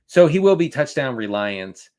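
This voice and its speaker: A man talks casually as a fantasy football podcast co-host, his pitch sitting in the middle. He stumbles through quick restarts, breaks into frequent laughs, and gets animated when he hits the numbers.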